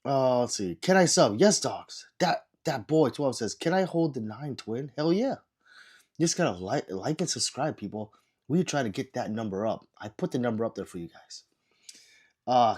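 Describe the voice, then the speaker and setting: A man's voice: a little mellow, husky. Sick man chatting through a livestream. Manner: low-energy, chatty, reads comments aloud. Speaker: livestreamer reading chat. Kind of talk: casual livestream chat.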